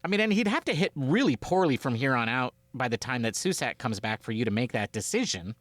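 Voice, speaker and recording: Animated man rambling about baseball. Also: mid-range voice, brisk, no room sound. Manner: animated, rambling, acts out quotes. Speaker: podcast co-host. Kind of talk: casual sports chat.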